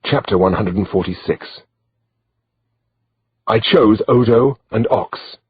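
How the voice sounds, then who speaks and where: A man reading a medieval novel aloud as an audiobook narrator, in a steady, measured way. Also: on the low side, breathy edge, no room sound, lo-fi sound.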